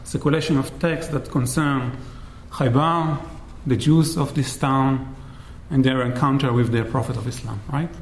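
A man giving an academic lecture in a measured way, often checking in with "right?". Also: mid-range voice, steady tone, slight background noise. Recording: roomy echo.

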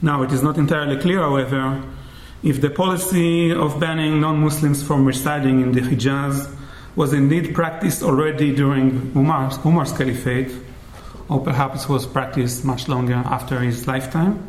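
Male lecturer, measured academic delivery, average pitch, roomy reverb. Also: steady tone, darkish tone. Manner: measured, frequent "right?" checks. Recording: roomy echo.

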